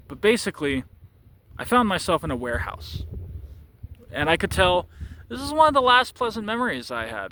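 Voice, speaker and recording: A man recounts a personal story in a loose, casual way, stumbling over and repeating words and chuckling often. His voice sits fairly high and sounds bright and forceful. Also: slight background noise.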